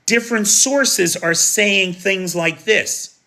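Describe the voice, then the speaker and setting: An American man delivers live news commentary, talking it through in a casual, opinionated way. His voice is bright and forward, and he keeps checking in with rhetorical questions. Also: sits high, slow pace, gravelly. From United States. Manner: conversational, opinionated, frequent rhetorical "right?".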